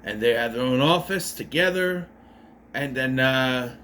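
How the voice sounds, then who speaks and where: A man's voice: medium pitch, unhurried, sharp tone, a little hiss or hum. A man giving a casual spoken movie recap, rambling and correcting himself, with sarcastic asides. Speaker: movie reviewer.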